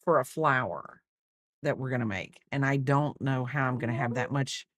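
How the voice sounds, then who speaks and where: Low-voiced woman chatting to her dog. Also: normal speed, no room sound. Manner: teasing, doting talk to her dog; rambling with restarts. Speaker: crochet streamer. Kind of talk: casual chat while crocheting.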